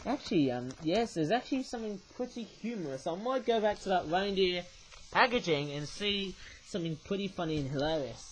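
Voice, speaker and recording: A man's voice: sits high, animated, brisk, a little hiss or hum, poor audio. A man talking casually as he reviews toys, rambling and hesitant, often ending thoughts with a questioning "eh?". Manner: rambling, tags remarks with "I suppose, eh?"; hesitant, many fillers and restarts. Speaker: toy reviewer. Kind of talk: casual toy review talk.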